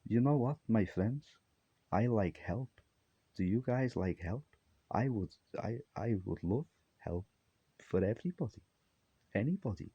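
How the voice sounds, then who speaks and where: A man voicing a gentle, feminine-sounding man who talks in halting, repetitive bursts. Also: fairly low pitch, lively intonation, breathy edge, dry recording, muffled recording, voice pushed up, full character voice. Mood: pleading.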